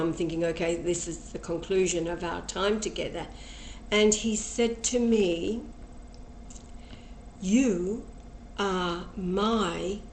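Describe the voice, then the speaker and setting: A woman slowly retelling a personal experience, acting out the dialogue and getting emotional as she goes. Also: medium pitch, a little mellow. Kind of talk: personal storytelling. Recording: echoey room with faint ambient noise.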